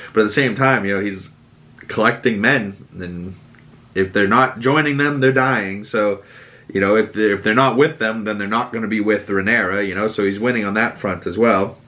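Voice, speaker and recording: A man's voice: lowish voice, fairly bright tone. Chatty Boston man recapping TV. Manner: chatty, profane, acts out quotes. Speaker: podcast host. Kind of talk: casual TV episode recap.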